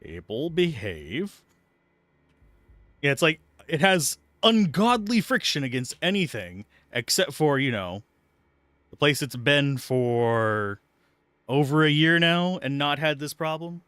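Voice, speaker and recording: A man livestreaming from his home computer desk, chatting loosely as he plays. He rambles and swears when annoyed, and his voice is bright and swings around a lot. The sound is close and dry, with no room echo. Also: on the high side, big pitch swings, slow pace. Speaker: livestreamer playing a video game. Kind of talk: casual gameplay commentary. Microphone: close mic with earbuds at a PC.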